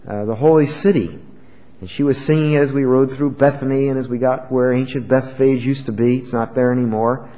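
An older man preaching a sermon as pastor, expressive and rising to loud, emphatic peaks. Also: medium pitch. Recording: dull lo-fi church recording with long reverb.

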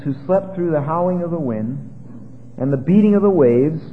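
A man preaching a sermon as pastor, swinging dramatically between loud exclamations and hushed asides. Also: a little high. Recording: tinny phone-like sound with long hall reverb.

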